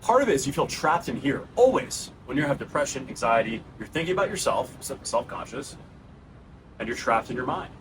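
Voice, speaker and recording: A man in his thirties with a New York accent talks straight to his viewers in a raw, unscripted monologue, earnest and casual. His voice sits at an ordinary pitch, and steady background noise runs under the recording. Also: brisk. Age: 30s. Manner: earnest, conversational, calls viewers bro and guys. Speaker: channel host. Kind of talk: raw personal monologue to camera.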